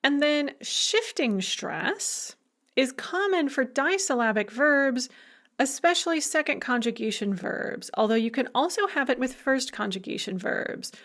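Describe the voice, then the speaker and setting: Lively, emphatic woman lecturer. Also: high-pitched, a little slow. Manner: lively, emphatic teaching with playful asides. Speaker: language instructor. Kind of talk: recorded lecture.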